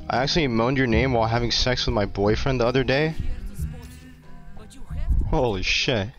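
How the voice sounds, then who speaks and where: A young man streaming a game at his home desk, trading crude, profane banter and breaking into sudden shouts. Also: mid-range voice. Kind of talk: casual live-stream gaming chat. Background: game music playing.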